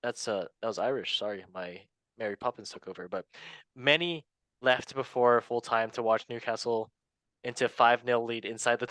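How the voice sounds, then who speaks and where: A man's voice: medium pitch, a little fast, fairly bright tone, no room sound. Playful male sports show host. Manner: playful, joking, laughs often. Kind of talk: casual chat. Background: faint background music.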